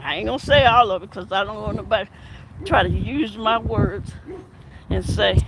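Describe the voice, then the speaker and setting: A woman's voice: mid-range voice, moderate pace. A woman and former detective giving casual commentary on an outdoor walk, her mouth numb from dental work, talking in a drawl with laughing asides. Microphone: phone. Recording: loud outdoor background noise.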